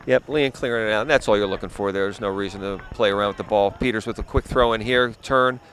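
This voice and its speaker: A man's voice: lowish voice, fast, fairly bright tone. A man doing play-by-play for a youth soccer game, explaining plays with frequent "yep" and "uh". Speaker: play-by-play commentator. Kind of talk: local sports commentary. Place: outdoor soccer field. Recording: faint outdoor noise.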